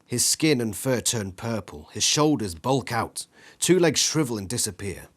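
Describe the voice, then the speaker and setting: A man reading an interactive gamebook aloud in an animated way, acting out the sound effects with his voice. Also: medium pitch, measured pace. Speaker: reader.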